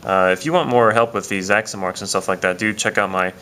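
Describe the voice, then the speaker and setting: A man's voice: on the low side, brisk, sharp tone, a little hiss or hum. A man teaching a casual video lesson, explaining step by step with frequent "uh" and "um" fillers. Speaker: Spanish teacher.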